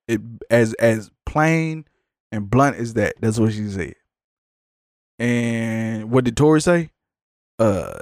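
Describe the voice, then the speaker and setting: A man hosting a podcast, ranting in a blunt, profane, animated way in a casual chat. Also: medium pitch, a little slow, no echo, clean studio sound. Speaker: podcast host.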